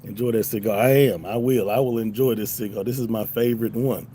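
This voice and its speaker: A man's voice: lowish voice, fairly quick, a little hiss or hum. Laid-back man chatting on a livestream. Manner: relaxed, profane, laughs often, reads chat aloud. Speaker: livestream host. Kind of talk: casual livestream chat.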